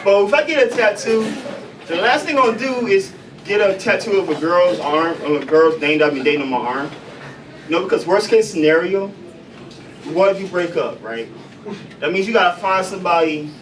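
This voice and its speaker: A man from Chicago doing stand-up comedy in a coffee house, loose and profane with deadpan punchlines. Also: high voice, brisk. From Chicago, USA. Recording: distant mic, noisy café room.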